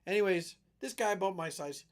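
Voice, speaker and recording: A man's voice: sits high, brisk. A middle-aged man from western Canada telling a rambling story on his live stream, acting out what people said. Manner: rambling, animated storyteller who acts out quotes.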